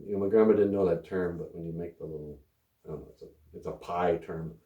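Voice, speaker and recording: A man's voice: low-pitched, fairly even intonation, fast, roomy sound, lo-fi sound. A man hosting a language podcast, telling casual stories and laughing often as he goes. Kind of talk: casual storytelling lesson.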